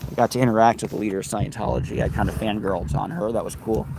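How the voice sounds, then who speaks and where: A man hosts a relaxed livestream from a park, chatting with viewers, reading their names and comments aloud, and playfully breaking into bits of songs. His voice sits on the low side with a steady tone and a creaky quality, and he talks rapid-fire over background noise.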